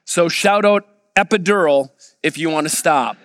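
A man pastor delivering a sermon, retelling a story and quoting others in a lively voice. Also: fairly high pitch, moderate pace, in a large hall. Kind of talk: sermon with anecdote.

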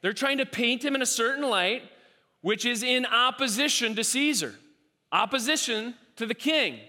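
A man preaching a sermon, animated and repeating himself as he acts out quoted voices. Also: very high-pitched, normal speed. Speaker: pastor. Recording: long hall reverb.

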